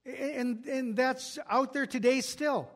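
A man's voice: very high voice, fairly even intonation, slow pace. A pastor preaching an earnest expository sermon, often restarting and repeating words as he works through a passage.

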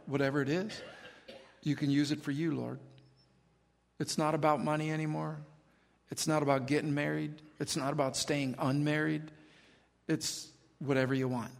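A man's voice: a little high, flat delivery, normal speed, vocal fry, long pauses, big-room sound. A man preaching a sermon, telling his own conversion story in an earnest, storytelling way. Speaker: pastor. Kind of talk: sermon with personal testimony.

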